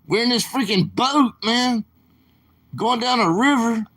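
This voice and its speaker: A man doing an impression of a drunk, hot-tempered older man yelling for beer on a boat, loud and worked up. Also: extremely high pitch, lively intonation, unhurried, voice pushed up, exaggerated voice. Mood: agitated.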